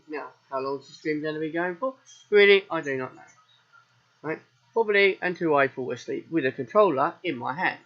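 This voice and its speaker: Streaming a farming game, this southern English man chats and rambles directly to his viewers in casual let's-play commentary. His voice sits on the high side and is a bit bright. The lo-fi recording sounds dull.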